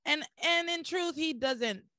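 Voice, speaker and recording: A woman with a fairly high voice, recapping a soap in lively, sarcastic casual chat. The sound is dry and close, with no room around her. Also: unhurried, dry recording. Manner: animated storytelling with sarcastic asides. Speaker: podcast host recapping a soap opera.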